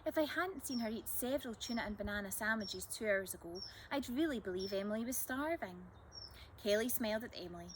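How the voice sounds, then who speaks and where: A woman storyteller reading a children's chapter book aloud in a lively, expressive way. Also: mid-range voice, fairly quick, a little hiss or hum.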